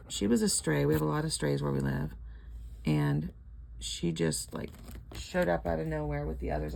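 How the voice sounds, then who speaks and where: A woman's voice: sits low, creaky. An older woman chatting casually and rambling at home while scratching lottery tickets, laughing often.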